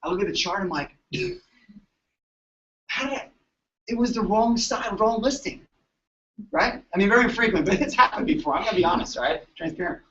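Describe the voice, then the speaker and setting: Male chiropractor, fairly high voice, animated storyteller, recorded from across an echoey room on a dull mic. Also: brisk, long pauses, far from the mic. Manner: animated, chatty, keeps asking "right?". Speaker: chiropractor presenting to colleagues. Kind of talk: storytelling talk to an audience.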